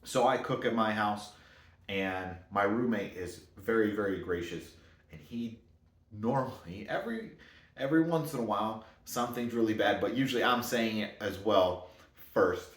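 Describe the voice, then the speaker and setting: A man's voice: lowish voice, expressive, moderate pace. A man giving a casual motivational talk, rambling and correcting himself as he goes. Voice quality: talks in loose, rambling sentences with self-corrections. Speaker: motivational speaker. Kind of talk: casual monologue. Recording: echoey room.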